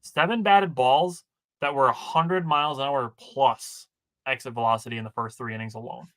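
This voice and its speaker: A man's voice: medium pitch, normal speed, a bit bright. A man co-hosting a casual sports podcast, working through game stats from his notes with dry asides. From Wisconsin. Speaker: podcast co-host.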